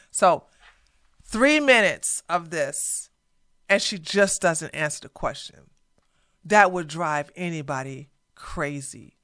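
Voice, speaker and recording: A woman's voice: on the low side, sharp tone. A woman hosting reaction commentary, blunt and mocking, with a profane edge. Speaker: commentary host.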